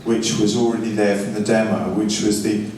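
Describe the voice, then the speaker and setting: Through a distant, roomy mic with music behind him, a male record producer walks through the studio at a moderate pace. His voice is fairly low and a little mellow, his delivery flat, with slight background noise. He shares dry anecdotes about the studio, acting out what people said.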